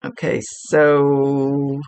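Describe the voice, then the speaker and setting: A woman's voice: a bass voice, completely flat delivery, very slow, a little mellow. A woman working as a psychic medium, talking through a casual one-on-one reading in a chatty, rambling way, often restarting her sentences.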